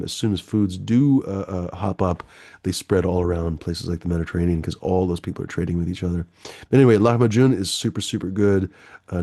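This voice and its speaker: A man's voice: low-pitched, dark tone, no echo. Rambling man hosting a livestream. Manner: rambling, with frequent filler and joking asides. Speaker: livestream host. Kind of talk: casual livestream chat.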